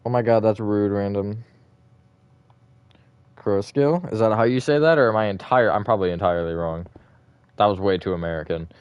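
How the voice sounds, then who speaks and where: A man's voice: fairly low pitch, moderate pace, pauses often, a little mellow, clean tone, dry recording, highs cut off. A man streaming a building game live, chatting casually and reacting to viewer comments. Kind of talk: live gaming stream chat.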